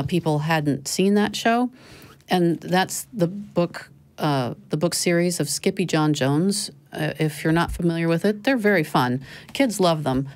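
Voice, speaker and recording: A middle-aged woman hosting a casual panel chat, talkative and quick to laugh, often correcting herself. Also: sits low. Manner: chatty, laughing, self-correcting. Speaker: show host.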